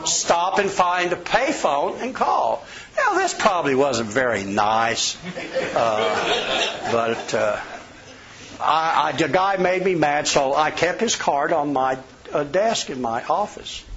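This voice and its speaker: Folksy man preaching, lively pitch. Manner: folksy storyteller, acts out quoted voices. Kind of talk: sermon with personal anecdotes. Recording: slightly dull lo-fi sound.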